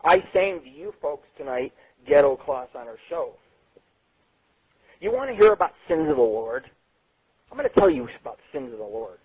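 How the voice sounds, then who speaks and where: A man hosting a late-night internet radio show, telling rambling, profane stories with sudden jumps in pitch. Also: sing-song, moderate pace, long pauses, husky. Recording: tinny phone-like sound.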